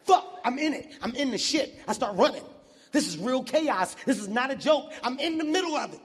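A man performing a stand-up comedy set on a big stage, telling stories in an animated, profane way and bursting into shouts. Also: extremely high pitch, a little fast, husky. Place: large live venue on stage. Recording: reverberant hall with constant background noise.

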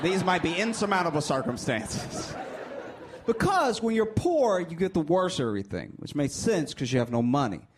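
Animated stand-up comic, high lively voice. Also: male voice, moderate pace, a crowd in the background. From Louisiana. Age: 30s. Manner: animated storytelling, acting out voices, building to shouted punchlines. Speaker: stand-up comedian. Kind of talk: stand-up comedy set. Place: theater stage. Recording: live stage with audience noise.

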